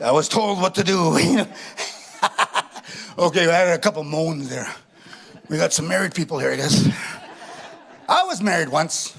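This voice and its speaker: A man's voice: a little high, normal speed, gravelly, long pauses, a bit bright, slightly rough. A middle-aged man performing a chatty, self-mocking stand-up comedy set, tagging his lines with "eh". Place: live stage before an audience.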